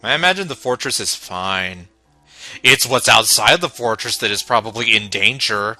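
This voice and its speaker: A man's voice: fairly low pitch, animated, normal speed, pushed and bright, soft background music. A man streaming a video game, making casual, sardonic joking asides. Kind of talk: casual live-stream commentary.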